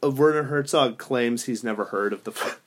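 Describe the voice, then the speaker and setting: A man's voice: mid-range voice, moderate pace. A man co-hosting a casual podcast chat, rambling with lots of fillers and restarts. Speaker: podcast co-host.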